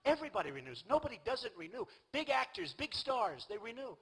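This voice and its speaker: An older man holds forth at a political rally, boastful and repetitive, looping back to the same points. His voice is husky yet bright and sits high for a man. The speech comes through a rally sound system. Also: big pitch swings, fast talker, low-quality recording. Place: large outdoor rally venue.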